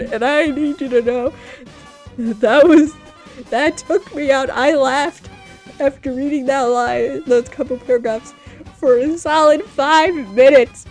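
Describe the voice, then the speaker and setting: A young woman vlogging off the cuff, rambling with frequent laughter, loud outbursts and swearing. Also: high voice, steady tone, slow pace, soft background music. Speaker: youtuber. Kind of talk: unscripted ranking vlog.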